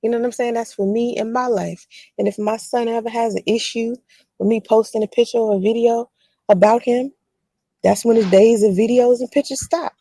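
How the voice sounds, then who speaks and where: A woman's voice: fairly high pitch, steady tone, a little fast, mellow, no room sound. A woman vlogger in a blunt, profane, defiant rant. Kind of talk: ranting monologue.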